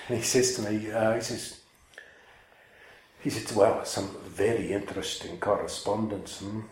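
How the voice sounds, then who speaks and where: A man's voice: fairly low pitch, slight background noise. A man telling a personal story to listeners in a rambling, self-mocking way. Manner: rambling, self-mocking, many fillers and restarts. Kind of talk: casual storytelling talk. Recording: echoey room.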